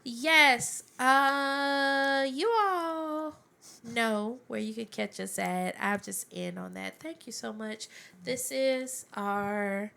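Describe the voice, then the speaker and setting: A woman hosting a podcast in casual, animated chat, wrapping up an episode with a guest. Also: fairly high pitch, drawn-out words, vocal fry, clear, resonant tone. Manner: animated, laughing, sings snippets. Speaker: podcast host.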